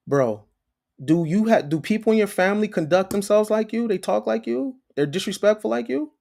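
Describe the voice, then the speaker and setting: A man's voice: high-pitched, normal speed, creaky, darkish tone. A young man hosting a live call-in show, insistent and repeating himself to press his point. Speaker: host.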